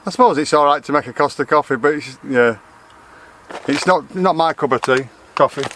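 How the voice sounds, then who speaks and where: A man talks his way through an outdoor vlog in a loose, rambling manner, often restarting his sentences. His voice sits a touch on the high side. A faint hiss of outdoor noise runs behind him. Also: a little fast, a bit bright. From Lancashire, England. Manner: rambling, chatty, self-correcting. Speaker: vlogger. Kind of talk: casual outdoor vlog chat. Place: outdoors in a garden.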